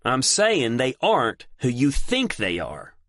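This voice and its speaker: A man voicing a calm, firm young man who speaks evenly in an audiobook. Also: mid-range voice, a little slow, pitched above the performer's own voice, exaggerated voice. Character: young man, steady protective caretaker. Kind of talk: audiobook character voice.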